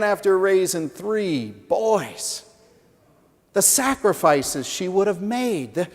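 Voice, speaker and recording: A man preaching a sermon, telling stories and swinging from loud emphasis to hushed lines. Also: on the high side. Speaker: pastor. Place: large stone church sanctuary. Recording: long church reverb.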